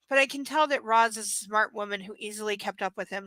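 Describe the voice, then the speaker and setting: A woman's voice: mid-range voice, little pitch movement, quick pace, hardly any pauses, sharp tone, no echo, low-quality recording. A woman reading a romance novel aloud live, breaking off for sarcastic, swearing jokes about the text. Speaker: reader of a novel.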